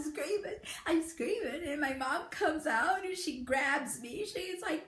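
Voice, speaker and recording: A woman's voice: high voice, lively intonation, measured pace, few pauses, fairly bright tone. A woman vlogger casually telling a childhood story, laughing often as she talks. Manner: giggly, laughing through the story. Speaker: beauty vlogger. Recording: echoey room.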